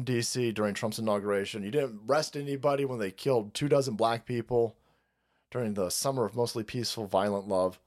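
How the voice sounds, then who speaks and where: A man hosting a stream, delivering a heated, profane political rant full of repetition and mocking asides. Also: medium pitch. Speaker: stream host.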